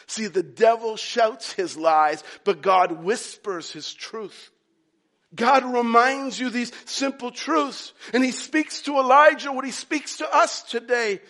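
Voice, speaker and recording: A man preaching a sermon, dropping to hushed whispers and rising to loud, emphatic shouts, with deliberate pauses. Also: very high voice. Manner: dramatic pauses, slow deliberate phrasing. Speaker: pastor.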